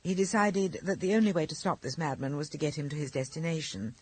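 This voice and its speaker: Male audiobook narrator, expressive, fairly high voice, dry close sound. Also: quick pace, no echo. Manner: lively expressive reading. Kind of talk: scripted narration.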